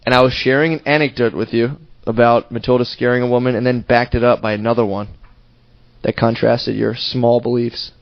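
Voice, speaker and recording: A man at a middling pitch co-hosts a loose podcast, trading jokes with a deadpan, mock-offended edge. The recording is dull and lo-fi, with the highs rolled off. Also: brisk, no echo. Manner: deadpan, mock-indignant teasing. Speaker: podcast co-host. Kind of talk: casual comedic banter.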